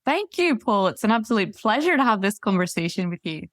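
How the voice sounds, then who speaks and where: A woman's voice: medium pitch, sing-song, brisk, dry recording, studio quality. A middle-aged woman with a Northern Irish accent, a wine expert telling her story in an interview, articulate and friendly. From Northern Ireland. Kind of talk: interview conversation.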